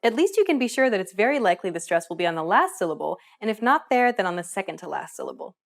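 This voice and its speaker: A woman presenting a scripted language lesson, with upbeat and clear instructional delivery. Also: mid-range voice, big pitch swings, fast. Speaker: language teacher.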